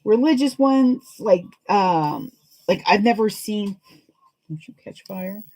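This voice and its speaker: A woman's voice: mid-range voice, lively intonation, takes it slowly, a little mellow, rough recording. A woman chatting in a rambling, laughing way as she hosts a live sewing stream. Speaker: sewing livestream host. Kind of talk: casual chat while sewing live.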